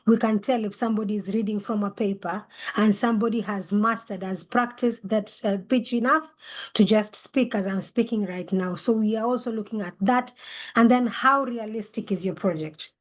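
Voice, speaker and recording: A woman facilitating an online webinar, explaining how pitches are judged through a string of questions, speaking over a video call. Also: fairly even intonation, normal speed. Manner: explains judging criteria with many questions.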